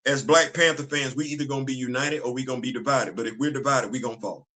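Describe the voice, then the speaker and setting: Emphatic man with a bright voice. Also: mid-range voice, fairly even intonation, quick pace. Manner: emphatic, repeats phrases for effect. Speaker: commentary channel host. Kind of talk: casual opinion commentary.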